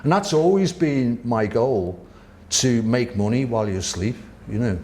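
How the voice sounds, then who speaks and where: A man, a guest telling lively, laughing stories with the odd swear word in a casual interview. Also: medium pitch, moderate pace, slight background noise. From Wirral, England. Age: 60s. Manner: animated, laughing, swearing raconteur. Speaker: guest artist. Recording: roomy echo.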